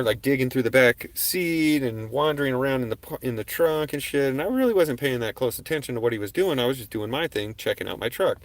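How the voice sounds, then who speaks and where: A man hosting a livestream, telling a personal story in a casual, profane way and acting out the exchanges in it. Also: medium pitch. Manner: profane, animated, acts out quoted exchanges loudly. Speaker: livestream host.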